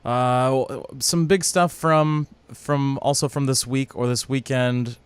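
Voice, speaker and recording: A man's voice: mid-range voice, steady tone, slow pace, smooth, dry recording. A man hosting a podcast in casual chat, a little hesitant as he moves it to the next topic. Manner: hesitant, filler-heavy, steers the topics.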